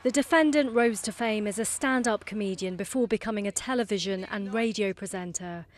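A woman reporting from court for a news bulletin, in a measured, formal delivery. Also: mid-range voice.

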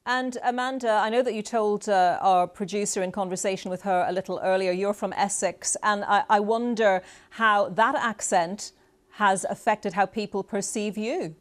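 A woman hosting a broadcast interview, putting questions to guests with measured, slightly hesitant delivery. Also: mid-range voice, steady tone. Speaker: radio host.

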